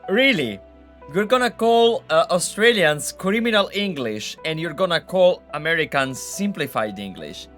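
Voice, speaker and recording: A young man commenting on a game live, excitable and ranting. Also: a little high, moderate pace, faint music behind. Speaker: streamer.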